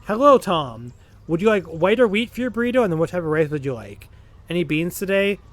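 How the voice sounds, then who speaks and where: A man's voice: sits high, sing-song, fairly quick, no echo, voice pushed up. A man acting out a male burrito counter server taking an order in upbeat customer-service patter.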